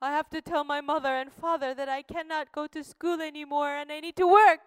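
A woman's voice: sits high, fairly even intonation, brisk, dry recording, studio quality, close to an everyday voice. A woman playing an anxious pious young student. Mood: pleading. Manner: earnest, pleading and sighing.

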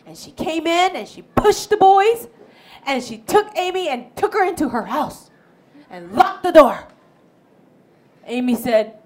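A woman's voice: sits high, a little slow, pauses often. A woman telling a Bible story to a group of children, asking them questions and acting out the characters. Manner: expressive, asks children questions, acts out voices.

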